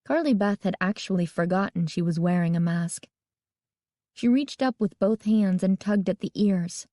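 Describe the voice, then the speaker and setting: Woman, scripted narration, even delivery, medium pitch. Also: moderate pace, no echo, clean studio sound. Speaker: audiobook narrator.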